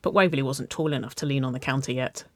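A woman narrating a children's-style story, reading aloud with a gentle, even delivery. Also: rumbling low, quick pace, no echo.

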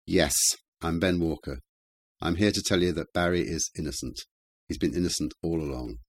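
A man doing a quiet, firm man. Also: deep voice, normal speed, slightly rough, no echo. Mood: calm. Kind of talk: audiobook character voice.

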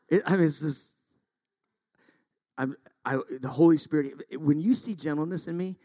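A man's voice: on the high side, a little slow, pauses often, no echo. Intense, emphatic man preaching a sermon. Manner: intense, builds to loud emphatic peaks; self-deprecating asides. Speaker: pastor.

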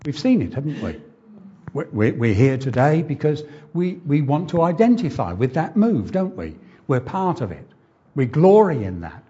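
Slow, earnest male preacher. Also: mid-range voice, warm tone, slightly rough, highs cut off. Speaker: pastor. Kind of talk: sermon.

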